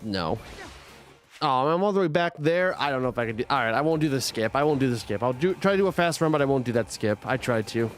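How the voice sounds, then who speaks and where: A man's voice: mid-range voice, animated, fast, faint music behind. A young man streaming a game and chatting casually, rambling with many restarts and filler words. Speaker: gaming streamer. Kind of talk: casual chat while playing a game.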